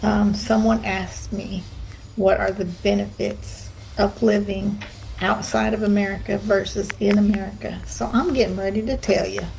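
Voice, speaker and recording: A woman chatting quickly and cheerfully in a casual vlog to her followers. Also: medium pitch, steady tone, gravelly, a little mellow, slight background noise, poor audio. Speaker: social media creator.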